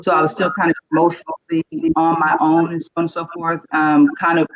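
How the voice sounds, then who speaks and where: A woman's voice: low voice, level tone, fairly quick, lo-fi sound. A middle-aged woman, emotional and earnest, frankly telling her life story as a guest panelist on a video call. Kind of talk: candid personal storytelling.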